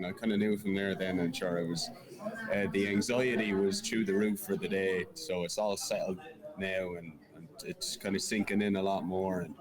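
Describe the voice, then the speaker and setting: A fighter with a lowish voice tells his story in an animated, salty way. He is on a remote call, and a busy café murmurs all around him. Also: rough recording. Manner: animated storyteller, swears freely. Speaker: MMA fighter and coach. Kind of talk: casual interview chat.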